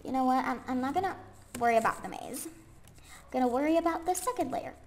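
High-pitched, stuffy-nosed young gamer girl. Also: brisk. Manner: rambling, excitable, many fillers and sudden squeals. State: congested from a cold. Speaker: gaming YouTuber. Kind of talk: casual commentary while building in a game.

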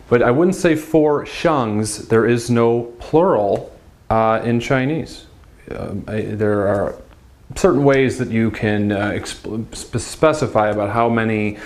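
At a whiteboard, a man teaches a beginners' Chinese lesson in an upbeat, direct manner. He sounds out drill syllables with big swings in pitch.

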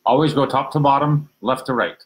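A man helping his wife teach a casual live lesson, speaking low-key from off-mic and repeating words back. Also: brisk, poor audio. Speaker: teacher's husband, helper.

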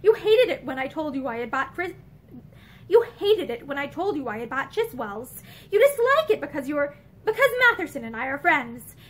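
A woman reading the lines of a young man who questions quietly and persistently. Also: sits high, sing-song, moderate pace. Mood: determined. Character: earnest young Englishman, persistent and probing.

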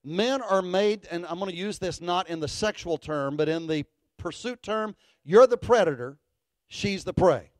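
A man's voice: sits high, moderate pace, dry recording. Folksy preacher man. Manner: folksy, animated storyteller who builds to fervent declarations. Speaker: pastor. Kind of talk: storytelling sermon.

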